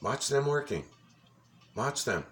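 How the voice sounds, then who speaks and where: A man's voice: medium pitch, sing-song, takes it slowly, fairly bright tone. A man giving a casual, ranting commentary over a video, insistent and full of swearing. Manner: angry, profane, ranting; insistent, repeats himself.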